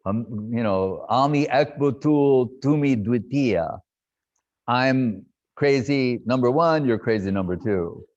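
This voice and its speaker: An older man reminiscing in a lively storytelling talk, laughing and acting out what others said. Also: mid-range voice, no echo. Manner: animated, laughing, acts out quotes. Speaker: devotee recounting memories. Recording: dull lo-fi dry sound.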